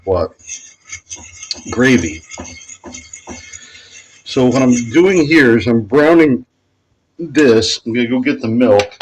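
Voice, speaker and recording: Casually walking through a recipe at home, a man rambles, chats and corrects himself as any cooking vlogger might. His voice is mid-range, and the rough recording carries a little hiss or hum.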